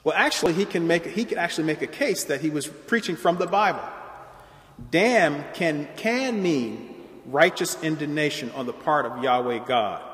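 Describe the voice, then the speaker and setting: A man giving an academic lecture in a measured, explanatory way, with occasional restarts. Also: fairly high pitch, fairly bright tone. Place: large lecture hall. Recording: roomy hall reverb.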